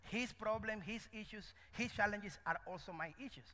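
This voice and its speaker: High, bright-voiced preacher man in a hall. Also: moderate pace. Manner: animated, call-and-response questions. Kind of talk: sermon. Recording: echoey hall.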